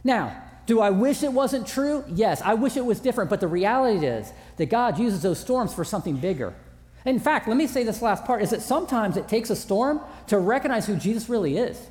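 Male pastor, chatty and joking sermon style, very expressive pitch, long hall echo. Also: fairly quick. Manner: conversational, self-deprecating humor. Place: large church auditorium.

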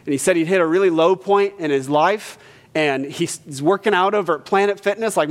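A pastor telling a story in a sermon, acting out quotes and swinging from hushed to loud. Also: male voice, high-pitched, fast. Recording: church hall reverb.

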